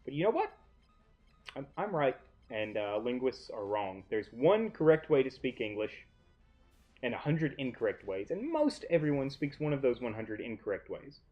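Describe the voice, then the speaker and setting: A chatty young man narrates his game from his living room, often turned away from a mic set off to one side. His voice is lively and swoops around as he rambles through asides. The sound is a little dull and lo-fi, with faint music underneath. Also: medium pitch, moderate pace. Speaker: let's play host. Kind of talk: casual gaming commentary. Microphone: desk mic off to one side, often facing away.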